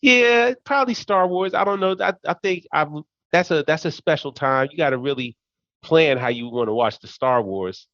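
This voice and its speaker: A man with a somewhat high voice muses aloud in animated, casual podcast chat, often breaking into laughter. The recording is dry, with a dull lo-fi tone. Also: no echo. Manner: animated, musing, quick to laugh. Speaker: podcast co-host.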